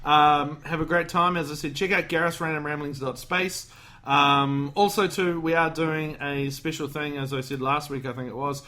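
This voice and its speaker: Man, podcast host, bright tone, higher pitch, rambling jokey chat. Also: fairly even intonation, moderate pace. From Australia. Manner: rambling, jokey, acts out movie lines. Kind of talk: casual chat.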